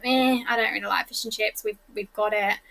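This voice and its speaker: Bright-voiced Australian woman, chatty. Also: mid-range voice, fairly even intonation, a little fast, creaky, low-quality recording. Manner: chatty, laughs while telling stories. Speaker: guest. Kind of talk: casual chat.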